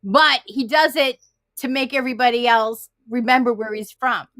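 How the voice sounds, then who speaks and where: A middle-aged woman with a Boston accent, chatting casually on a live stream through a headset and telling stories full of quick wisecracks. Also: a little high, fairly bright tone, no echo. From Massachusetts. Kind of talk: casual chat.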